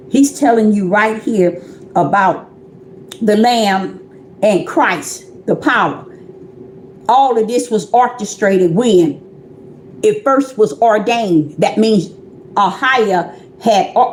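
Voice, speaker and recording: Here the self-styled prophetess sounds medium-pitched and somewhat dark, with reverberation and slight background noise around her. She delivers her livestream sermon casually, repeating herself and talking directly to listeners.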